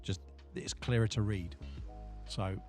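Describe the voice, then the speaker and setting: Guy, bit low voice, casual podcast chat, quick asides, music faint in back. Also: steady tone, a little mellow. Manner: short chatty replies, quick asides. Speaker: podcast co-host.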